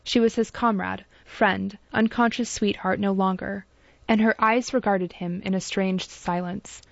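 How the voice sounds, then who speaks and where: A woman narrating a classic novel in a measured, formal storytelling manner. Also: mid-range voice, steady tone, creaky, no room sound. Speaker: audiobook narrator. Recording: dull dry lo-fi recording.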